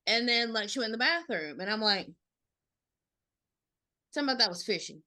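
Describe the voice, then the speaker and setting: Bright, animated woman telling a story. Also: fairly high pitch, brisk. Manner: animated storyteller, acts out quotes, swears freely. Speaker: podcast co-host. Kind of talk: casual storytelling chat.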